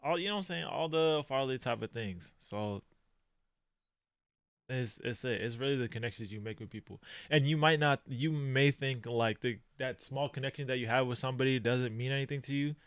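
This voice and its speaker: Man, reaction host, slangy and heartfelt, smooth tone, dry close sound. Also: medium pitch, a little fast, dry recording. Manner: heartfelt, slang-heavy, swings from quiet reflection to loud exclamations. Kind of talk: reacting to an anime.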